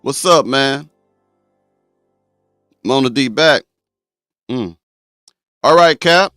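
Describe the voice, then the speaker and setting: A man's voice: medium pitch, animated, extremely slow, fairly bright tone, no room sound, soft background music. Man, live talk-show host, blunt, talks straight to viewers, dry close sound. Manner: blunt, addresses viewers directly.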